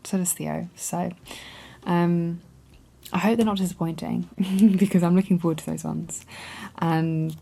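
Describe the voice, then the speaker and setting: A woman's voice: on the low side, vocal fry, dark tone, slight background noise. A woman chatting casually and candidly in a reading vlog, talking straight to her camera. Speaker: book vlogger.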